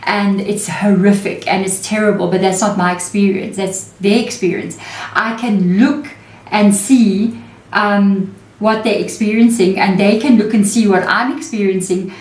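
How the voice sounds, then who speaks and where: A woman's voice: medium pitch, steady tone, measured pace, a little mellow, roomy sound. A woman giving a casual, reassuring tarot reading, chatting to viewers and acting out the people she quotes. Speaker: tarot reader.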